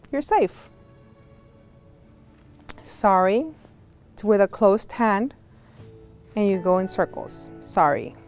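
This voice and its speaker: A woman teaching a virtual class as a sign language interpreter, slow and clear, going through letters one by one and explaining with friendly examples and asides. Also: mid-range voice, a little mellow. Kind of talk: casual instructional talk. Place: home, on a video call. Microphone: video call.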